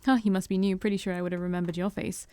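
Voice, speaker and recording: A woman voicing a gruff, blunt male bouncer vampire guarding a door in a game story. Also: medium pitch, flat delivery, rapid-fire, dark tone, no echo, lightly acted.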